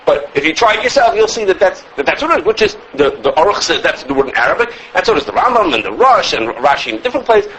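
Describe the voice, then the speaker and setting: A fast-talking man teaching a class, his voice a touch high and swinging widely up and down. He keeps repeating words and checking in with "okay?" as he goes. Faint noise sits under the voice. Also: poor audio. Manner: animated, repeats words, asks "okay?" often. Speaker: Torah teacher. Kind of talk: halacha class lecture.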